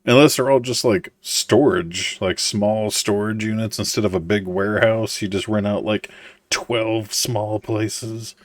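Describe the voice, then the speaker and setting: A man's voice: on the low side, fairly even intonation, unhurried, no echo. A man co-hosting a casual talk stream, laid-back, swearing often and laughing a lot. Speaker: co-host. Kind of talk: casual chat.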